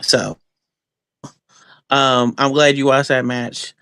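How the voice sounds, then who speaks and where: In a casual podcast interview, a guest wrestler rambles through boastful trash talk, full of fillers and restarts. His mid-range voice moves little in pitch, and he speaks slowly with a sharp tone.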